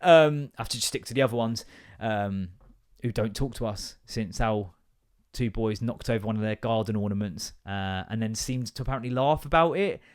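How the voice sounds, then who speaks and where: A man's voice: fairly low pitch, normal speed, clean tone. A man, hosting a casual comedic podcast monologue in a rambling, swearing, self-mocking way. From England. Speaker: podcast host.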